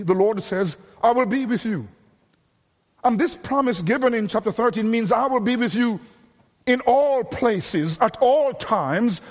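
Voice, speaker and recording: A man preaching a sermon, deliberate and repetitive, dropping low and quiet to stress key phrases. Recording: reverberant hall recording.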